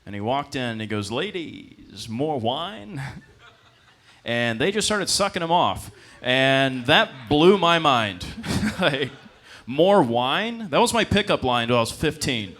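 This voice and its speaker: A man's voice: medium pitch, big pitch swings, normal speed, few pauses, fairly bright tone. Young guy doing loose stand-up, lots of ums, laughs at his own lines. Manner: rambling, self-deprecating, with frequent fillers and laughs. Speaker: stand-up comedian. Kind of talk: stand-up comedy set. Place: comedy club stage.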